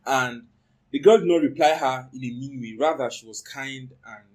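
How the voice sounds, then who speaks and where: A man's voice: mid-range voice, normal speed, low-quality recording. A young man with a Nigerian accent, animatedly telling how he met his wife and acting out the lines of the people in the story. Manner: animated, acts out quoted speech, pidgin slang. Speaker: co-host. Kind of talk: casual storytelling.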